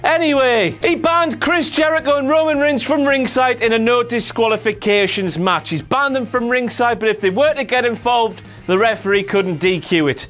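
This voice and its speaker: A man with a strikingly high voice rants through a comedic wrestling review. He swears freely and lays on the sarcasm, with faint music running underneath. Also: moderate pace, few pauses, a bit bright. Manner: profane, sarcastic ranting.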